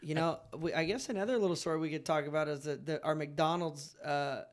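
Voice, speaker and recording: A man's voice: a little high, brisk. Laid-back man telling a story, raised voice. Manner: laid-back storytelling, says "dude" often. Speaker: podcast host. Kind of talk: casual chat.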